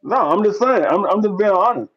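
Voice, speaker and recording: A man's voice: sits high, expressive, a little fast. A man co-hosting a podcast, giving blunt, matter-of-fact opinions in casual chat. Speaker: podcast co-host. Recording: slightly dull lo-fi sound.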